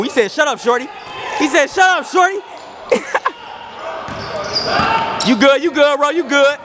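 A young man cheering a basketball team from the sideline, joking and shouting loud encouragement in an indoor gym. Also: very high voice. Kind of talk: casual sideline banter. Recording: noisy crowded gym. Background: crowd noise and bouncing balls.

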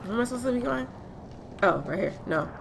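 A woman commentating a video game playthrough in a casual, excitable, self-deprecating way, swearing often. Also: a little high, fast, creaky, noisy background. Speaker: gamer streamer. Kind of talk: casual let's play commentary.

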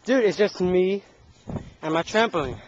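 A young man with a slightly high voice jokes and teases while filming in a backyard. He talks loosely and calls people "dude". The sound is a muffled handheld camcorder recording with steady noise behind. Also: normal speed. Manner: teasing, playful, says "dude" a lot. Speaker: person filming a home video. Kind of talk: casual home-video chatter. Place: backyard with a trampoline, outdoors. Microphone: handheld camcorder mic.

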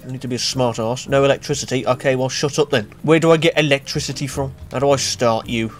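A man's voice: mid-range voice, steady tone, fast, a little hiss or hum. A young British man giving sarcastic, sweary commentary on his gameplay, talking back to the game and breaking into shrieks and laughter. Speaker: gaming YouTuber.

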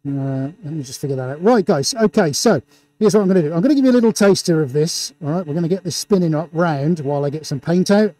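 A man's voice: on the high side, expressive, quick pace, no echo. Hyped man hosting an art livestream. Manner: hyped, showman-like, reading out viewer shout-outs. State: talking through a face mask. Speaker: livestream host and painter. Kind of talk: excited live-stream commentary. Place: indoor art studio.

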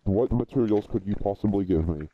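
A man's voice: fairly low pitch, a little fast, narrow, tinny audio. Dry, blunt young man gaming. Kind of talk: casual gaming chat. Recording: noisy recording.

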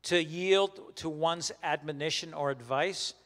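Higher-voiced pastor in an echoing hall. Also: male voice, fairly bright tone. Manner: questions the group and repeats their answers; halting, with frequent restarts. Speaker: pastor leading a Bible study. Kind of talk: conversational Bible teaching.

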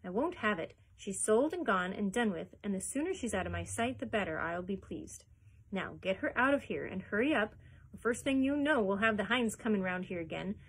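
A woman reading a storybook aloud and voicing a stern Yorkshire farm mother who scolds in a sharp, cold, loud voice. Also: fairly high pitch, lively intonation, moderate pace, hardly any pauses, breathy edge, low-quality recording. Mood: scolding.

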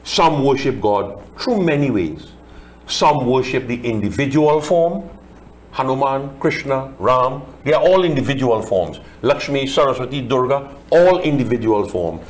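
Male pandit, chants verses then explains them line by line, mid-pitched voice. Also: lively intonation, unhurried. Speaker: Hindu pandit discussing scripture. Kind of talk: religious discussion, reciting Sanskrit verses.

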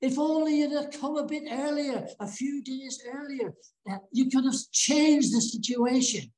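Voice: sits high, measured pace, a little mellow, voice pushed up. A preacher voicing a distressed grieving woman who pleads, in an echoey church.

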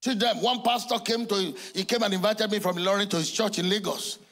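A man in his sixties with a Nigerian accent, preaching a sermon in a church and acting out dialogue with bursts of shouting. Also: high voice, fairly quick. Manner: animated storytelling, acting out dialogue, often shouting. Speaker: pastor.

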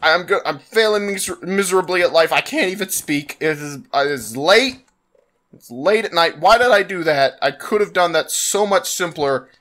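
A man's voice: high voice, animated, normal speed, fairly bright tone. A man giving let's-play commentary, exasperated and exclaiming as he struggles, breaking into laughs and sighs. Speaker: gaming channel host.

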